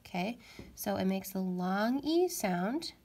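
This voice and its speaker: A young adult woman teaching a phonics lesson to young children, speaking clearly and encouragingly. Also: medium pitch, lively intonation, takes it slowly, darkish tone.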